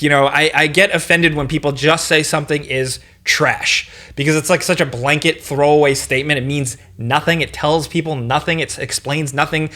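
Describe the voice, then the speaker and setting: A man with a slight New York accent hosting a casual Q&A chat about games, his voice high and jumping around as he rambles and restarts his sentences. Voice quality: high, animated voice. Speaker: gaming video host.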